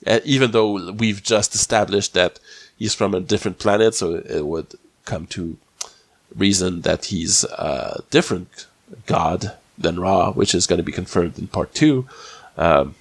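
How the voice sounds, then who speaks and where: Lowish-voiced man with a cold. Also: no echo. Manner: rambling, halting, many restarts. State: slightly sick with a cold. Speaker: podcast host. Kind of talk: casual episode recap.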